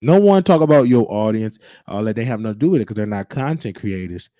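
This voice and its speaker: A man's voice: on the low side, lively intonation, fast talker, warm tone, no echo. A man hosting his own show, talking in an emphatic, preachy way and repeating his points. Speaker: show host. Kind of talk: casual livestream monologue. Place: Texas.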